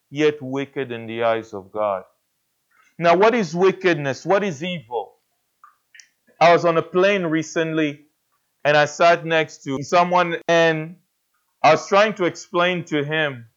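A man's voice: a little high, slow, muffled recording. A man preaching a sermon, earnest, putting repeated questions to his listeners. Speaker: pastor.

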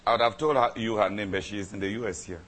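A man preaching a sermon, telling a personal story with dramatic repetition and emphatic swings between loud and soft. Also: on the low side, fairly even intonation, quick pace. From Cameroon. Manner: dramatic, repeats phrases for emphasis.

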